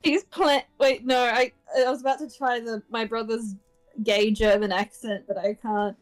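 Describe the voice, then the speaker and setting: A woman chatting casually alongside a game stream with quick, giggly asides. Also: a little high, steady tone, no room sound, soft background music. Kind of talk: casual chat.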